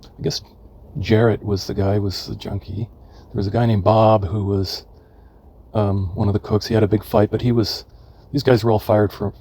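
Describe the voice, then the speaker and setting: A man in his seventies from California, telling rambling memories of his youth, halting often as he searches for names. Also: fairly low pitch, mellow. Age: 70s. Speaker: memoirist. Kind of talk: reminiscing memoir narration.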